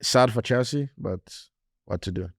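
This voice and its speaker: A man's voice: medium pitch, moderate pace, no room sound, clean studio sound. A man co-hosting a casual football podcast, talking in an emphatic way and repeating his points. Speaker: podcast co-host.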